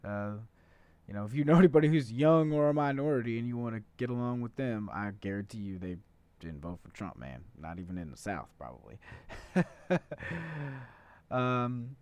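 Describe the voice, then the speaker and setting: A man's voice: mid-range voice, lively intonation, normal speed, pauses often, darkish tone, smooth, no room sound. A man hosting a political podcast in a casual, profane, conversational monologue, full of filler uhs. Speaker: podcast host.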